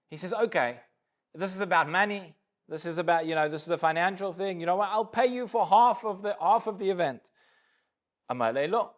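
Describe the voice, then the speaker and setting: A man with a high voice leads a Talmud class, walking his listeners through the story point by point. He acts out each line of dialogue as he goes and often trips over his first words before a thought settles. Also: fairly quick, pauses often, a bit bright. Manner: explains step by step, acts out the dialogue in quotes; repeats small words when starting a sentence. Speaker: rabbi teaching a class. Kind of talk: Talmud lecture to a live class.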